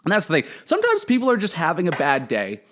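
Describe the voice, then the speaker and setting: A young man telling a casual story as a comedian host, animated and swearing, jumping into quick voices for the people he quotes. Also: on the high side.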